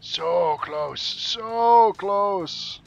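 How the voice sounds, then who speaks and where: A man's voice: sits high, extremely slow, gravelly, lo-fi sound, soft background music. A man streaming a game and hosting an in-game race event for his viewers. He chats casually and keeps repeating his instructions to the players. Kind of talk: casual live-stream commentary.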